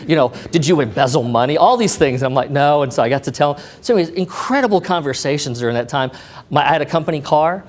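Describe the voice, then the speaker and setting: A man's voice: a little high, quick pace. A middle-aged man telling a personal story to an audience, acting out the voices of the people in it. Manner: animated, acts out the voices of others in the story. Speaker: speaker sharing a testimony.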